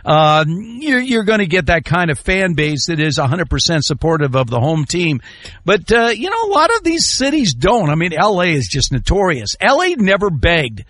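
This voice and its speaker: Animated man talking sports, dry studio. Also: a little high, normal speed, no echo. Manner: animated, jokey, swings to loud exclamations. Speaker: radio host. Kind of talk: casual sports talk.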